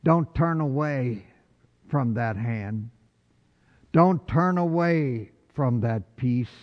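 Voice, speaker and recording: A man preaching a sermon with passion, rising to loud calls and dropping to hushed lines. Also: medium pitch, animated, extremely slow. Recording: dull lo-fi recording with long hall reverb.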